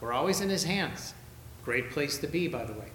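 Guy preaching a sermon, kinda high voice, echoey church room w faint hum behind. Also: animated, normal speed, fairly bright tone. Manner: emphatic preaching, voice rising high on read verses. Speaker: pastor.

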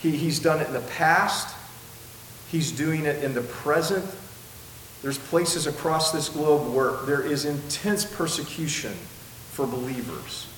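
A man preaching a sermon as pastor, emphatic, slowing down to stress key words. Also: a little high, fairly bright tone, far from the mic. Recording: echoey room with faint hiss.

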